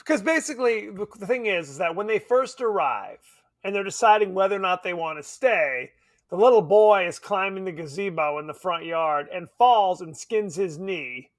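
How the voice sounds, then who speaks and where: A man's voice: high voice, lively intonation, moderate pace, no echo, clean studio sound. A man co-hosting a podcast, chatting casually and animatedly about a horror film, laughing and swearing. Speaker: podcast co-host.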